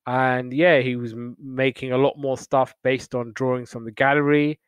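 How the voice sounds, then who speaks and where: A man's voice: mid-range voice, moderate pace, clear, resonant tone, dry recording. Rambling man in casual chat. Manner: rambling, animated retelling with playful quoted voices. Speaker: podcast host reviewing old TV shows.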